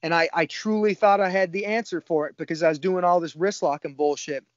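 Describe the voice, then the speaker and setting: A man's voice: high-pitched, fairly even intonation, brisk, dry recording, highs cut off. A man in his thirties from Cape Breton, a jiu-jitsu coach talking in laid-back casual chat and swearing often. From Cape Breton, Canada. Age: 30s.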